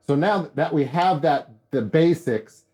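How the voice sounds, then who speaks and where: A man giving a casual drum lesson, talking straight to viewers in a relaxed, upbeat way. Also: fairly high pitch, unhurried. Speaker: drum teacher. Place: drum studio.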